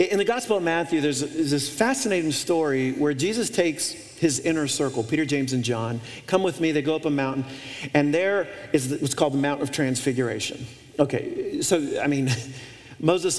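Male pastor, high-ish voice, emphatic sermon delivery full of repetition, big reverberant sanctuary. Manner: emphatic preaching with repeated phrases and restarts. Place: church auditorium. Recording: long reverb of a large hall.

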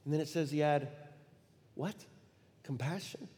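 A middle-aged man preaching a sermon, telling a story in an animated way and acting out the quoted lines with sudden loud bursts. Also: a little high, a little slow. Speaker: pastor. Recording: long reverb of a large hall.

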